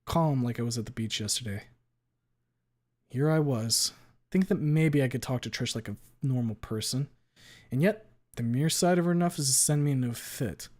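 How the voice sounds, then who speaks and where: A man reading a fan story aloud on a stream, expressive, with small stumbles. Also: mid-range voice, moderate pace.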